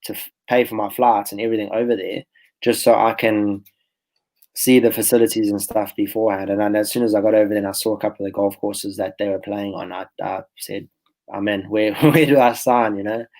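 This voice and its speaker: A young man with a fairly low voice, talking through his story as a podcast guest. He rambles in a relaxed way, often backing up to restart a phrase. It sounds like easygoing interview chat. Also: fast, low-quality recording. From South Africa. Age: 20s. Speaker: professional golfer guest.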